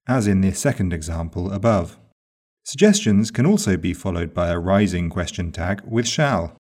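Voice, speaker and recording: A man narrating a lesson in a measured, carefully enunciated way. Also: low voice, animated, darkish tone. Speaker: English teacher.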